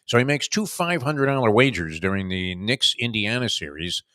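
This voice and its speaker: Man, sports talk host, lower voice, bright tone, rambling with filler pauses, dry close sound. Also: expressive, no echo.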